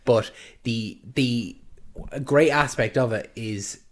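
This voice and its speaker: A man's voice: mid-range voice, slow pace. A man co-hosting a casual podcast, rambling and trailing off with filler phrases. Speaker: podcast co-host.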